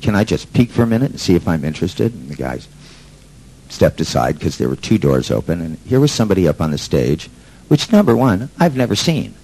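A man's voice: low voice, dark tone, slightly rough, rough recording. A man telling a story to an audience in a brash, sardonic way, swearing freely. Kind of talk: profane storytelling talk.

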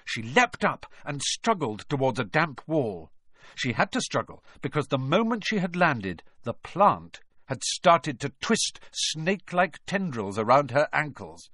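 A man reading a children's storybook aloud, with expressive, dramatic narration. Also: a little high, a little slow, no echo, studio quality. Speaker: audiobook narrator.

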